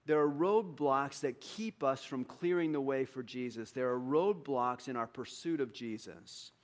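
A man preaching a sermon in an animated way. He acts out dialogue with his congregation, and his voice jumps high and loud for emphasis, then drops quiet. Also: unhurried. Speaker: pastor.

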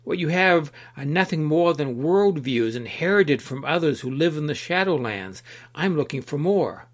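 Man doing an earnest young truth-seeker in a storybook reading, measured and steady. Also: on the high side.

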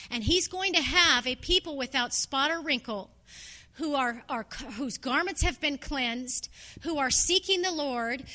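Woman preacher, high and bright voice, chatty earnest sermon. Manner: conversational, storytelling, earnest.

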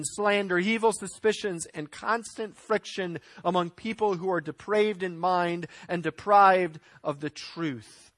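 High-voiced man preaching, dry sound. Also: a bit bright, dry recording. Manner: emphatic preaching with rising and falling intensity; clears throat now and then. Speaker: pastor. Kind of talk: sermon.

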